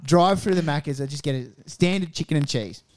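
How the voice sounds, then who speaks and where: Aussie bloke telling rambling yarns. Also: male voice, a little high, a little fast, darkish tone. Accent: Australian. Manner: rambling anecdotes, mimics people in quotes. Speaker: podcast co-host. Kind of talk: casual storytelling chat.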